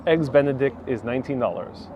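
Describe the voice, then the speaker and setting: A man runs a walking-tour livestream outdoors on a city street, talking in a chatty, easygoing way and reading viewer comments as he walks. His medium-pitched voice is animated and brisk; through his wireless clip-on mic the highs are cut off and background noise comes through.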